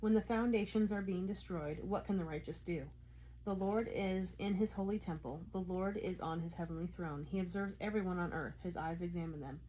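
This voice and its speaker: Woman, lowish voice, measured psalm reading, co-host. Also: mellow, slight background noise, rough recording. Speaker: Bible reader.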